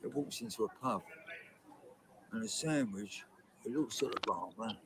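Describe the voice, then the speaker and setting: A man's voice: fairly low pitch, animated, moderate pace, background noise. Rambling older man telling a story. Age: 70s. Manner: rambling, chatty storyteller with restarts. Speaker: guest comedian. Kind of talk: casual anecdote telling. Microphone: video call.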